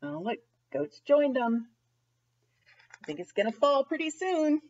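A woman reads a children's story in a slow, unhurried way, her fairly high voice rising and falling a lot. She speaks expressively and turns to ask young listeners questions. The recording is a little dull and lo-fi. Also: big pitch swings, a little mellow. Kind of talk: storytime read-aloud.

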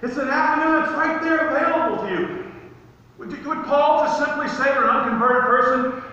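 A pastor preaching a conversational sermon with personal stories, rising to emphatic peaks. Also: male voice, very high-pitched, normal speed, bright, forceful tone. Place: church sanctuary. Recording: echoey church hall, distant mic, slightly dull.

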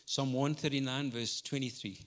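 A man preaching a sermon as pastor in a conversational way, swinging between loud and soft passages. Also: mid-range voice, steady tone, normal speed. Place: church hall. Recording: long hall reverb.

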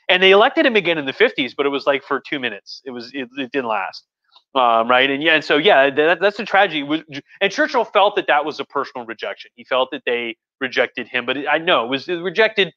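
Eager, bright-voiced man lecturing on stream. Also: on the high side, lo-fi sound. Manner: rambling and enthusiastic, many restarts. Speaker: history professor hosting a livestream. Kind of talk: casual lecture on a live stream.

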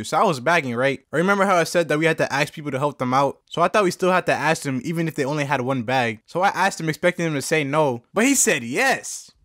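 A young man from the United States telling comedic storytime anecdotes in a deadpan, slangy way. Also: fairly high pitch, dry recording, studio quality. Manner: deadpan, slangy, quick asides. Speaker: storytelling animator.

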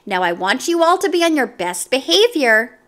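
A woman's voice: high-pitched, big pitch swings, normal speed, a bit bright. A woman doing a prim schoolteacher addressing her class. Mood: instructive.

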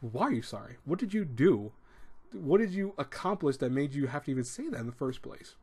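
A man's voice: mid-range voice, sing-song, brisk, darkish tone, slightly rough. A man hosting an advice talk, speaking casually and rambling, with restarts and little acted-out quotes. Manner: rambling, repeats words, acts out quoted speech. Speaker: advice show host.

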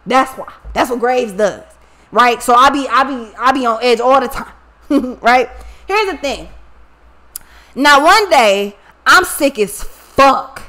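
A woman host telling a personal story to her viewers in a blunt, profane, animated way. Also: sits high, slow. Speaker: tarot reader and channel host.

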